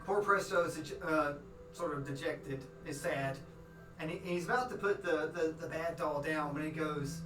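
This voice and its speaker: A man's voice: on the high side, moderate pace. A man narrating a tabletop game as game master, in a rambling way full of restarts. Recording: roomy, from far off. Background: music.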